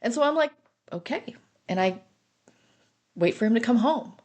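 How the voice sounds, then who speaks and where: A woman's voice: a little high, lively intonation, moderate pace, darkish tone. A middle-aged woman telling her own story on a podcast, earnest and intense as she relives it. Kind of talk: personal recovery story podcast.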